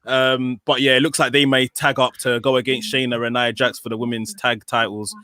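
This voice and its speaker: A man giving measured, opinionated takes in a casual wrestling podcast. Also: mid-range voice, level tone, sharp tone, no room sound, studio quality. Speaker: podcast co-host.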